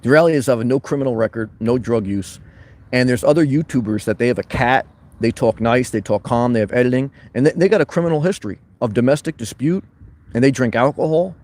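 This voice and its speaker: A man hosting a casual livestream from his van, reading chat comments aloud, loud and boisterous at times, calm at others. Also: mid-range voice, quick pace. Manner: loud, boisterous, shifting between fired-up and calm.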